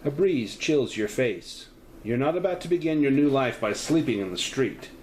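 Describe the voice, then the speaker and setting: A man narrating a solo tabletop horror game as game master, describing each scene and offering a player her choices. His pitch rises and falls a lot, and faint noise hangs under his voice. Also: animated, moderate pace, darkish tone, poor audio.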